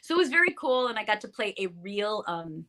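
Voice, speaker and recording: A woman's voice: medium pitch, big pitch swings, a little fast, pushed and bright. A middle-aged woman, an actress guest, chatting casually in an interview with many fillers and restarts.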